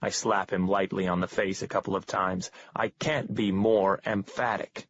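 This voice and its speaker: A man with a husky voice giving a calm, cold, measured first-person reading of a novel. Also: low voice. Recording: dull lo-fi dry recording.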